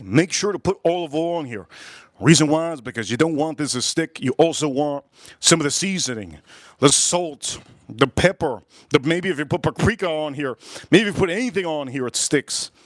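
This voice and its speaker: Middle-aged male live-stream cook, rambling and salty-mouthed, higher voice, dry close sound. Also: expressive, moderate pace, fairly bright tone, no room sound. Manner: rambling, profane, repeats himself. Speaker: cooking livestream host. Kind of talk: casual live cooking chat and storytelling.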